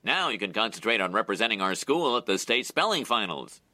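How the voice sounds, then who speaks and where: A man's voice: on the low side, sing-song, fairly quick, over loud music. A man voicing a pompous, fussy middle-aged school principal in a cartoon. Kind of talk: cartoon voice acting.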